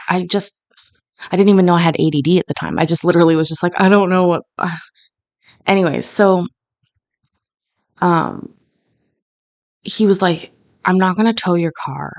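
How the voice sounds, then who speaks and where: Chatty Canadian woman, rambling story. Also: lowish voice. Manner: rambling, lots of fillers and restarts. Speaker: host. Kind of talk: casual storytelling chat. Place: home kitchen.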